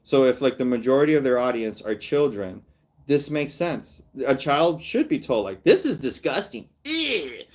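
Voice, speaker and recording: A man's voice: mid-range voice, moderate pace, darkish tone. A male artist and comedian in casual livestream chat, rambling and mocking, with frequent laughs.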